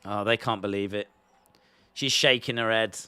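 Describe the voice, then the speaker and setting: A man, reacting live to a wrestling show and swinging from quiet mutters to excited shouts. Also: fairly low pitch, normal speed, smooth, dry recording. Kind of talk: live watch-along commentary.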